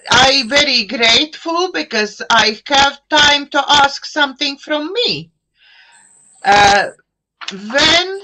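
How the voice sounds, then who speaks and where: A middle-aged woman with an Eastern European accent, hosting a live online chat show over a video call and speaking slowly, searching for words with many fillers and restarts. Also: a little high, pushed and bright, rough recording. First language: an Eastern European language. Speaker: host.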